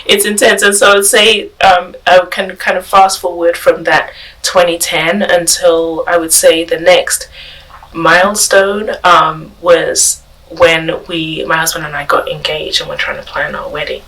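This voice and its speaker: A woman's voice: fairly low pitch, flat delivery, measured pace, fairly bright tone, far from the mic, rough recording. A woman guest on a parish podcast, telling her faith story in a reflective way with many fillers and restarts.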